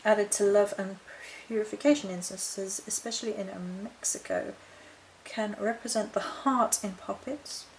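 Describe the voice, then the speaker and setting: A woman's voice: mid-range voice, steady tone, normal speed, slight background noise, rough recording. Chatty woman rambling through a haul. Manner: chatty and rambling, reading notes aloud from a book. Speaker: witchcraft vlogger. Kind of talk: casual chat showing a haul.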